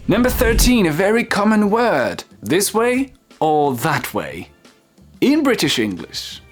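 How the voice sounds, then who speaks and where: A teacher with a French accent giving a casual online pronunciation lesson, slowly repeating words with fillers. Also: medium pitch. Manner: slow, repeats model words, many fillers.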